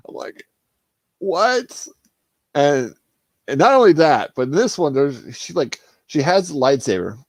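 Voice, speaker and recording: A man chatting casually on a livestream, animated and swearing, acting out film scenes with laughter. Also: fairly high pitch, normal speed, dry recording. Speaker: streamer.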